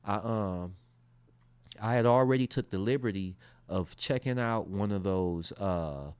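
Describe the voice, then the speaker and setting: A man's voice: fairly low pitch, measured pace, a little mellow, smooth, dry recording. A man from the United States talking casually as he reacts to his results, with slangy asides in a laid-back, conversational way. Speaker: vlogger.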